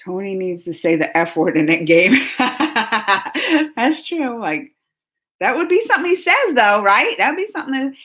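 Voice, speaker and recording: A woman hosts a casual live stream and chats straight to her viewers. Her voice is bright and fairly high, quick and animated, with laughs and filler words all through. She sounds close to a home webcam mic. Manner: animated, laughing, full of "like" and "y'all". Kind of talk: casual live chat, reading viewer comments.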